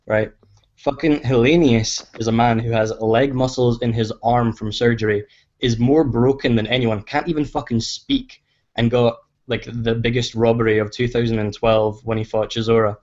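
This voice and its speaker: A man's voice: mid-range voice, a little mellow. A man calling in to a podcast, ranting emphatically and swearing. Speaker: caller. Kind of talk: ranting phone-in call. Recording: dull lo-fi audio.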